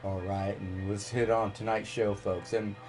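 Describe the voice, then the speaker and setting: A man's voice: lowish voice, flat delivery, a little slow, music in the background. A man hosting a casual live stream, rambling and ranting freely with plenty of swearing.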